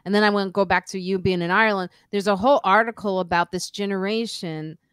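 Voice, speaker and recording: A woman's voice: medium pitch, fast, clean tone, no echo, clean studio sound. A middle-aged woman hosting a podcast live stream, chatting casually and acting out the people in her stories. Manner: animated storyteller, acts out other people's lines. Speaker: podcast host.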